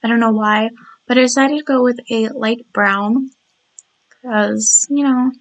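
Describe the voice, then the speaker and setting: A tired woman with a slightly croaky, scratchy voice, chatting casually over a video of her game build and rambling with lots of restarts. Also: on the high side, steady tone, unhurried. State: tired and yawning.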